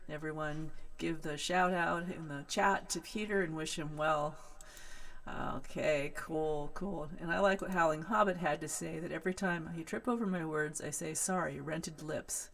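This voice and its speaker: A woman with a West Coast American accent, a folk singer hosting her live stream and chatting excitedly with viewers between songs. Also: low-pitched, moderate pace, vocal fry. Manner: chatty, excitable, greets viewers warmly by name. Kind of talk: casual chat between songs.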